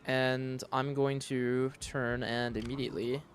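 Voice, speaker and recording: A man streaming a strategy game, commenting casually and thinking aloud in a relaxed, matter-of-fact way on a studio microphone. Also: medium pitch, measured pace, slight background noise. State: sleepy, yawning. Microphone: studio dynamic mic.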